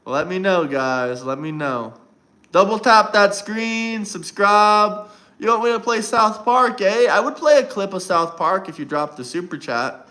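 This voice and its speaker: A man's voice: high voice, expressive, measured pace, pushed and bright. A man hosting a casual livestream, talking to his chat and teasing viewers in a mocking way. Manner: mocking, taunting chat banter. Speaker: livestream host.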